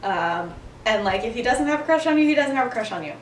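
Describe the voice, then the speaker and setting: Young woman, podcast host, giggly storytelling, fairly high voice, roomy echo, distant mic, faint background noise. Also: expressive, quick pace. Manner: chatty and giggly, acting out the characters' quoted lines. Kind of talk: casual storytelling recap.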